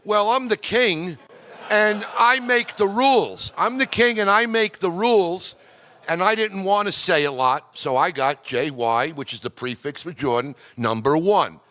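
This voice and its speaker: Man putting on a king's voice, polite and gracious, unusual foreign accent, slow and raised, bright, long hall reverb. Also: on the high side, natural voice. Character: polite, cordial king on a radio call, man.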